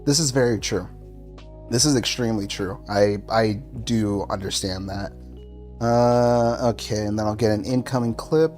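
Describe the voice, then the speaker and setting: A man's voice: fairly low pitch, unhurried, a little mellow, soft background music. A man streaming a game, telling a story casually and laughing often through it in a loose, self-mocking way.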